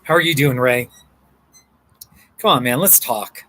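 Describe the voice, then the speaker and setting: A man's voice: medium pitch, measured pace, fairly bright tone, a little hiss or hum, rough recording. A man chatting casually on a live stream from a coffee shop, rambling and answering viewer comments. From Colorado.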